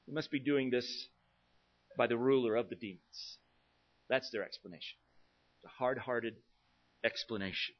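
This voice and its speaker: A man's voice: medium pitch, normal speed, pauses often. Earnest male preacher, muffled sound. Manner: earnest, rising to emphatic and dropping to quiet. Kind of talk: expository sermon. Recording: dull lo-fi sound.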